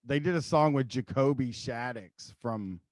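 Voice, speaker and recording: A man's voice: mid-range voice, unhurried, dry recording. Rambling, profane man hosting a podcast. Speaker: podcast host. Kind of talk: casual chat.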